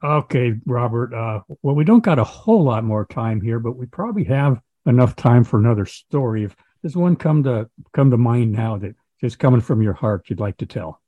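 A man's voice: mid-range voice, lively intonation, normal speed, hardly any pauses, no echo, phone-quality sound. A man hosting an interview, reacting to his guest with amused responses. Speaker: host. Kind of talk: radio interview.

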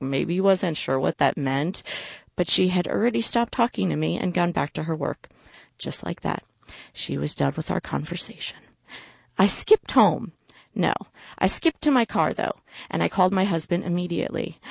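A woman's voice: fairly low pitch, normal speed, gravelly, no echo. A woman reading her own personal story aloud in a wry, self-mocking way.

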